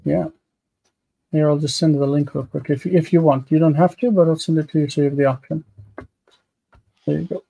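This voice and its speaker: A man's voice: fairly high pitch, steady tone, brisk, gravelly, pauses often, dark tone, husky, poor audio. A man hosting a live online class, patiently explaining grammar and pronunciation step by step. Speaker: host teaching biblical Hebrew grammar.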